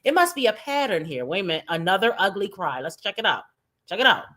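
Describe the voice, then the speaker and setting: A woman's voice: mid-range voice, sing-song, fast, a bit bright. A woman streamer giving sarcastic, mocking reaction commentary and talking straight to her viewers. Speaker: streamer host.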